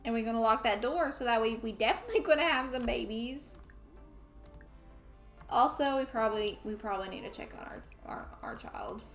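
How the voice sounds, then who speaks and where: A woman's voice: on the high side, a little fast, fairly bright tone, roomy sound, faint music behind. A woman playing a life simulation game, chatting playfully and scolding her characters. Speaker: gamer streaming a life sim. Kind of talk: casual let's play commentary.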